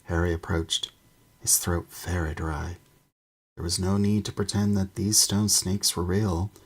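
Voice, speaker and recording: A man reading a storybook aloud on a stream, slow and measured. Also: low-pitched, flat delivery, breathy edge. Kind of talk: storybook narration.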